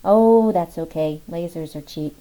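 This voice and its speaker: Woman reading a jokey laid-back tech guy, lowish voice. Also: unhurried, dark tone, close to an everyday voice, poor audio. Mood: joking.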